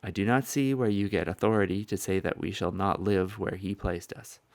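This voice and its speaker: A man voicing a proud, defiant older tribal chief in a questioning way, with a gravelly voice. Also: low voice, fairly even intonation, normal speed, no room sound.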